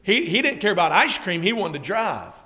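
A middle-aged man, a preacher telling a story in a sermon that builds to excited shouting. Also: high voice, fairly quick.

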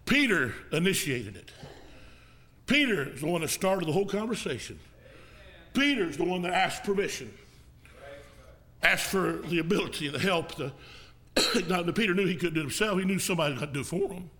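A man preaching as an evangelist in a folksy style, now and then rising to a shout and coughing. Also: sits high, expressive, a little fast, pauses often. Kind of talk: sermon.

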